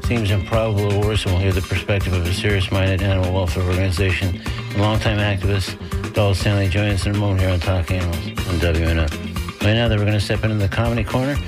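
A low-pitched male radio host introduces segments and guests in an easygoing way. He leans on fillers as he talks. Music plays clearly behind him. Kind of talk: radio talk show hosting.

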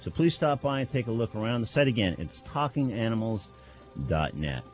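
Lively-voiced male college radio host. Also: mid-range voice, brisk, soft background music. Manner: hesitant, filler-heavy announcing. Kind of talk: college radio talk show hosting.

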